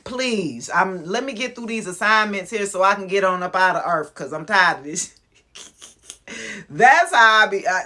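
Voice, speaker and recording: Frank, slangy woman in her forties. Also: medium pitch. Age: 40s. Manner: animated and frank, laughing often, with slang and cursing. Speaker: motivational vlogger. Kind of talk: casual motivational talk.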